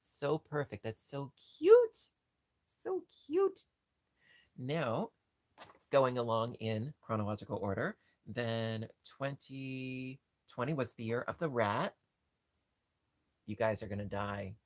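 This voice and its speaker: A man hosting a casual livestream chat, gushing and jumping into a squeaky high pitch over cute things, rambling with frequent restarts. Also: unhurried, dry recording. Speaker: livestream host.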